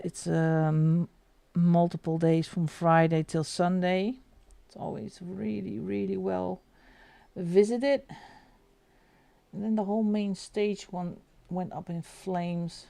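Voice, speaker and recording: Giggly Flemish woman chatting slowly. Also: on the low side, steady tone, creaky, mellow. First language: Dutch. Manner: giggly, laughs often, chatty. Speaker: live stream host. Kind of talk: casual chat while colouring.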